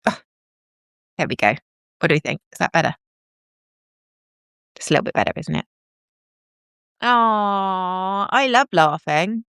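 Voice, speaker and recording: A woman's voice: lowish voice, animated, slow pace, long pauses, fairly bright tone, clean tone, dry recording, clean studio sound. A middle-aged woman, chatting in a bubbly, self-deprecating way to commenters on her live stream. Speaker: livestream host.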